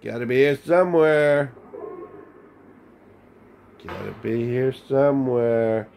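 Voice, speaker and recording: A man's voice: medium pitch, takes it slowly, gravelly, darkish tone, a little hiss or hum. An Australian man giving playful, chuckling commentary over his own gameplay. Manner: playful, chuckling, sing-song exclamations. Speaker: gaming channel host.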